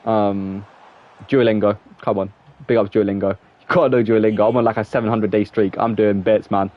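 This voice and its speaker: A man's voice: fairly low pitch, steady tone, brisk. Chatty young English guy streaming. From England. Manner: rambling, chatty, talks to viewers. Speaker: gaming streamer. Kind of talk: casual chat while playing a football game. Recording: slightly dull lo-fi mic with faint noise.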